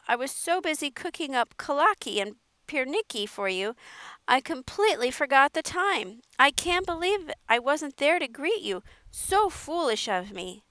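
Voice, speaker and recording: A woman's voice: no echo, exaggerated voice. A woman reading a story aloud, putting on a fussy, gushing older aunt who has been baking. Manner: fussy, gushing, high and excited. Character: flustered, doting older aunt who bakes.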